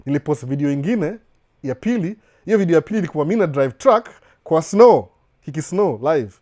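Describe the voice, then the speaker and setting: Fast-talking Kenyan man, casual live chat. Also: fairly high pitch, expressive, darkish tone. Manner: chatty, repeats and restarts, asks "unaona?". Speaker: live-stream host. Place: indoor home den with a couch.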